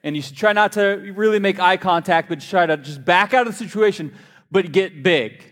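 A man preaching a sermon in a church, a lively, joking storyteller. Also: high-pitched, moderate pace. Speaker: pastor. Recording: long hall reverb.

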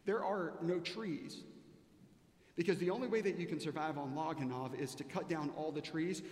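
Male pastor, fairly high voice, emphatic storytelling sermon, echoey church hall with long reverb. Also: darkish tone. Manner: storytelling, emphatic, with pauses and fillers. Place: large church sanctuary.

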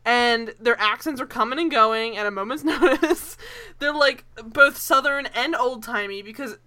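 A woman co-hosting a casual TV recap podcast, animated and laughing, swearing freely. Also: on the high side, normal speed. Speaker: podcast co-host.

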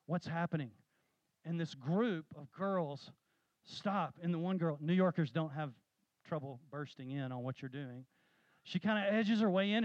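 A man preaching a sermon, telling stories with animated, rising emphasis. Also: on the high side, dry recording, muffled recording. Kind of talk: sermon with storytelling.

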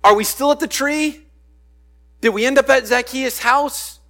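Bright, high-voiced male preacher. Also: a little slow. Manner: conversational preaching, acts out quoted voices. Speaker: pastor. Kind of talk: sermon.

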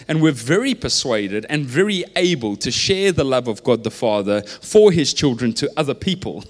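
A man, preaching a sermon earnestly and pressing into urgent emphasis. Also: mid-range voice. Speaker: pastor. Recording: reverberant hall.

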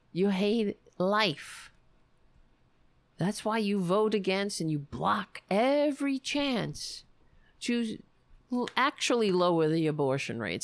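A woman's voice: medium pitch, dry recording. A woman giving an angry, sarcastic political rant, swearing freely and muttering to herself between points. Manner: profane, sarcastic, muttering asides while searching. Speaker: political commentator.

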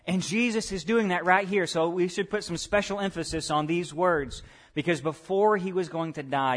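Here a man whose voice sits high preaches to a congregation at a moderate pace. As pastor, he questions them directly and varies between murmured asides and loud, insistent points.

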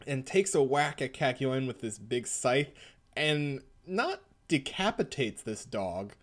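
A man's voice: mid-range voice, expressive, slow pace. A man co-hosting a casual podcast, joking and laughing as he recaps comic panels. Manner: jokey, laughs often, reads panels aloud in goofy voices. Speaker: podcast co-host. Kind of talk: casual chat recapping a manga.

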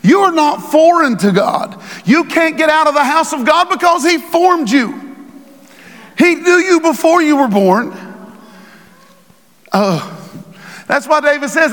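High-voiced man preaching in a reverberant church. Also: lively intonation, a little slow, pauses often. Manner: preaching with rising shouted emphasis and quoted scripture. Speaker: pastor. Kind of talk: sermon. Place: church sanctuary.

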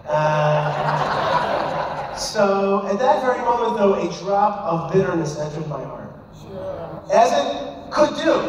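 A man's voice: sits high, far from the mic. Impassioned man speaking in an echoey hall. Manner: emphatic, impassioned storyteller. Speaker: rabbi speaking to a live audience. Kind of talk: storytelling speech. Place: large hall.

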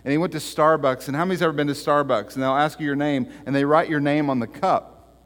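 A man giving church announcements as pastor. He talks haltingly, with many fillers and restarts, and grows animated when he tells stories. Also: on the high side. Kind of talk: church announcements and joke telling. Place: church sanctuary. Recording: long church hall reverb.

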